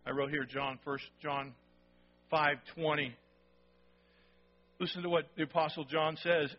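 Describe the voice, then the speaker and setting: A man's voice: fairly high pitch, measured pace, long pauses. A man preaching a sermon in a conversational, emphatic way, often checking in with his listeners. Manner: conversational, emphatic, keeps asking "okay?". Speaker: pastor. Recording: dull lo-fi sound.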